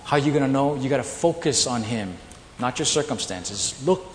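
A man preaching a sermon, telling personal stories with animated delivery and acting out the voices of people in them. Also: mid-range voice, normal speed. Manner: animated storytelling, acts out quoted voices. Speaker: pastor. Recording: long reverb in a large hall, faint ambience.

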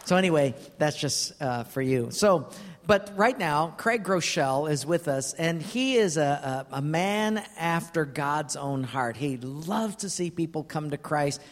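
Brief: male senior pastor, folksy announcements, slightly high voice, long reverb of a big sanctuary. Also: lively intonation, measured pace. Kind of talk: church announcements and guest introduction. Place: large church sanctuary. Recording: reverberant hall.

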